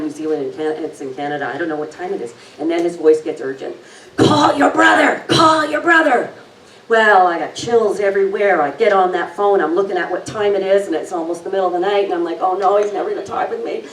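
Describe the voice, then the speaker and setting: Older woman giving a talk and guided relaxation, slow-paced, a bit low, heard from a distance in an echoey hall with faint background noise. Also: darkish tone. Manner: unhurried, chatty, with laughs and acted-out quotes. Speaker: workshop presenter. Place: community hall. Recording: roomy hall, far from the mic, faint noise.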